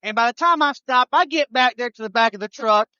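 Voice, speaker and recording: A man, a trucker co-host telling a road story on a live show, animated and restarting his sentences. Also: extremely high pitch, a little fast, clear, resonant tone, no echo, muffled recording.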